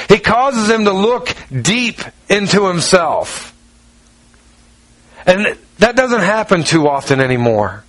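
High-voiced pastor guy, chatty rambling sermon, lots of restarts, dry sound. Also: a bit bright, no echo, rough recording. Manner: rambling and informal, with many restarts and slang. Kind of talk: conversational sermon.

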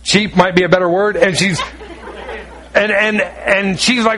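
A pastor delivering a sermon with a notably high voice for a man. He is middle-aged and folksy, joking with his listeners and acting out bits of conversation as he goes. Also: a little fast, a bit bright, rough recording. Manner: folksy and joking, acts out dialogue.

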